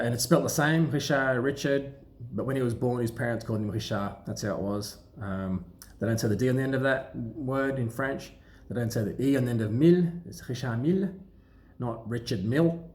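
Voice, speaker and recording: A man, a trained watchmaker and dealer, explaining things casually to camera in a relaxed, rambling way with many pauses and restarts. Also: mid-range voice. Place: sunlit indoor room. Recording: echoey room.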